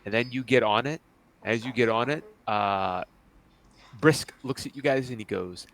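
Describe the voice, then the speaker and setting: A man serves as game master for a tabletop fantasy game, narrating casually and loosely with fillers like "kinda" and "like." His medium-pitched voice is a bit bright and moves at normal speed.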